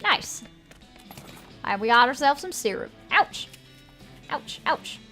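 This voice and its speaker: A woman's voice: high-pitched, very animated, takes it slowly, pushed and bright, faint music behind. A woman streamer speaking in a put-on Southern US accent, chatting playfully and reading game text aloud.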